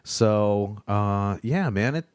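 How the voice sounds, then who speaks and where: A man's voice: fairly low pitch, expressive, extremely slow, darkish tone, clear, resonant tone, no echo, clean studio sound. A man from Kentucky with a Kentucky accent, hosting a podcast in a chatty, easygoing way and laughing easily. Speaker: podcast host. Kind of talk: casual podcast chat.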